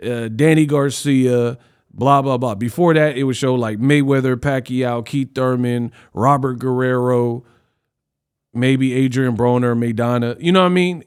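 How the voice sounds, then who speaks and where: A man hosting a boxing news channel, giving casual reaction commentary in an animated, slangy way. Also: mid-range voice, clean tone. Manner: animated, slangy, fast banter.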